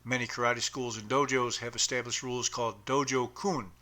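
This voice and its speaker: A man's voice: mid-range voice, fairly even intonation, fairly quick, bright, forceful tone. A man explaining the history of his martial arts uniform patch, reading aloud carefully, with small stumbles and self-corrections.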